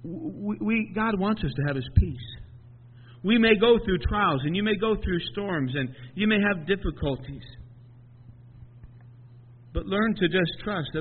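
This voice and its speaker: A man preaching a sermon, swinging between hushed and loud, often repeating and stumbling over words. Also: sits high, expressive, unhurried, pauses often, husky. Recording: tinny phone-like sound in a long echoing hall.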